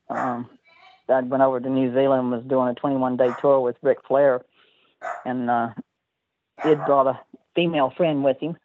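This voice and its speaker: An older woman telling stories as an interview guest, rambling and laughing often mid-sentence, heard over a tinny phone line. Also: rumbling low.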